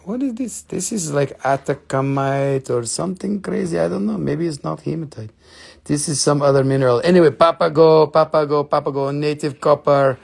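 A man's voice: a little high, moderate pace, vocal fry, darkish tone. A man voicing a jokey, haggling gem dealer who speaks in broken English with teasing sales patter. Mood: playful haggling.

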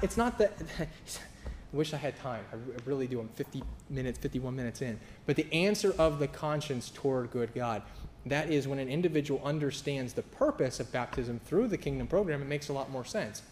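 A man preaches in a loose, sarcastic style, acting out other people's voices as he goes. His voice sits a little higher than usual for a man. A faint hum of the room runs underneath. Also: a little fast, reverberant. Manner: casual, sarcastic and flippant in delivery; acts out quoted voices in storytelling. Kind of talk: sermon. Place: church.

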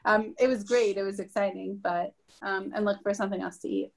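A woman's voice: medium pitch, steady tone, brisk, creaky. A woman in her thirties, a podcast co-host and dating coach, chatting casually with frequent laughter. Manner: chatty, laughs often, reflective asides. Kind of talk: casual conversation.

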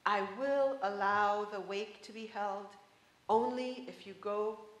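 A woman's voice: mid-range voice, fairly even intonation, slow, a bit bright, echoey room. A woman voicing a grieving, stubborn young daughter who speaks in a pleading, determined way.

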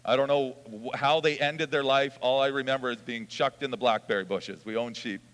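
A man preaches a sermon in a church hall, his mid-pitched voice trailing off into a long reverb. He moves from reading scripture to easygoing storytelling, chuckling and restarting his sentences. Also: fairly quick, fairly bright tone. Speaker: pastor.

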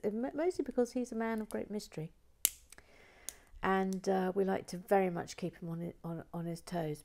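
A woman hosting a relaxed building video, talking softly and often dropping to a whisper. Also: deep voice. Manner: soft-spoken, often dropping to a whisper, chatty. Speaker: host of a toy building channel.

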